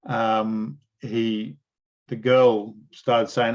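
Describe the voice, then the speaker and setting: A man interviewing a guest and telling animated stories in a casual, slangy way. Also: mid-range voice, a little slow, muffled recording. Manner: animated storyteller, blokey slang.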